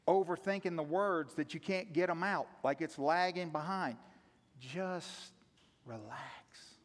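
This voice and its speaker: An older man preaching a sermon as pastor, conversational and earnest, swinging from hushed to loud. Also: a little high. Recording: echoey hall reverb.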